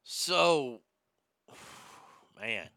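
Bright, crisp-voiced man riffing irreverently. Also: mid-range voice, big pitch swings, extremely slow, no room sound. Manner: irreverent, joking, stammers and restarts. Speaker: show host reading news and chat comments. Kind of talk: casual commentary.

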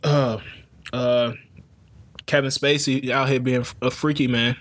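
A man's voice: medium pitch, flat delivery, measured pace. A man hosting a casual podcast chat, loose and laughing often. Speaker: podcast host.

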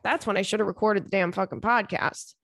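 A woman's voice: medium pitch, a little fast, fairly bright tone, no room sound. A woman hosting a casual solo podcast from home, telling candid, profane stories in a chatty way. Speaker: podcast host. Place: home, indoors.

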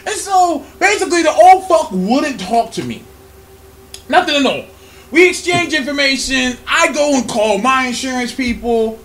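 Young man, podcast host, high lively voice, swearing, laughing through stories. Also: moderate pace, a little hiss or hum. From California. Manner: animated, profane, laughing while telling a story. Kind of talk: casual storytelling chat.

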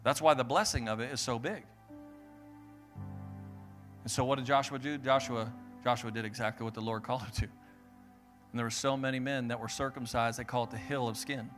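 A young adult man preaching a sermon, telling stories and acting out voices with lively delivery. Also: medium pitch, normal speed, long pauses, faint music behind. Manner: animated storytelling, acts out voices. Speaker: pastor.

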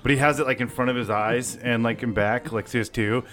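A man's voice: mid-range voice, steady tone, fast, fairly bright tone. A man co-hosting a podcast in casual chat, rambling with many fillers. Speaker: podcast co-host.

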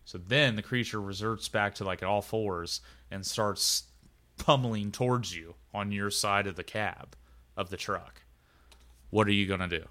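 A man's voice: lowish voice, fairly even intonation, unhurried, pushed and bright. A man narrating a tabletop game as game master, talking casually and rambling with lots of filler words.

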